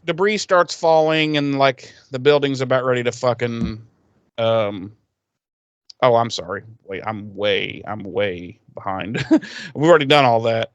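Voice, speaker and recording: A man's voice: medium pitch, a little slow, clean tone, no echo, dull audio. A man co-hosting a podcast, recapping a TV episode in crude, joking casual chat and acting out the characters' lines. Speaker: podcast co-host.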